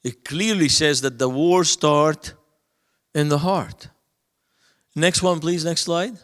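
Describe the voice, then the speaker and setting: A man's voice: fairly high pitch, slow, fairly bright tone. Man speaking in a reverberant hall. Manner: storytelling, acting out both sides of dialogues. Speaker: conference speaker. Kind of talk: lecture with anecdotes.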